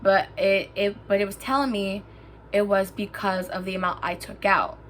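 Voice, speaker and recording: A young woman telling a storytime vlog, lively and swearing freely, acting out what people said to her. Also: medium pitch, normal speed, slight background noise. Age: young adult. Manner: animated, swearing, acts out quotes. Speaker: vlogger. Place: indoors, lying down at home.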